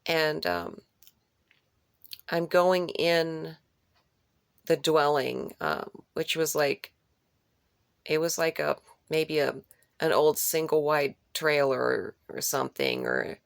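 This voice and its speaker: A woman's voice: low-pitched, big pitch swings, takes it slowly, creaky, pauses often, dry recording, clean studio sound. A woman recounting a dream in an unscripted way, rambling and repeating phrases for emphasis. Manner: rambling, with restarts and searching for words. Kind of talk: unscripted personal retelling of a dream.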